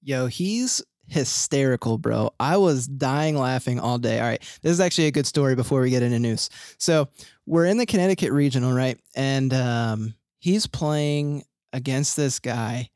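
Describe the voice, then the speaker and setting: A man's voice: mid-range voice, moderate pace, dry recording, clean studio sound. A young man, hosting a casual chat and telling stories with lots of laughter. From Philadelphia area, USA. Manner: animated storyteller, laughs often, lots of fillers. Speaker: podcast host.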